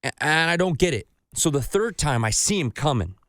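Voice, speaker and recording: A man's voice: fairly high pitch, fairly quick, no room sound. Swearing man telling a story, dry mic. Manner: animated storytelling, acts out voices of others, swears freely. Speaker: podcast host. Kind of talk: casual podcast chat.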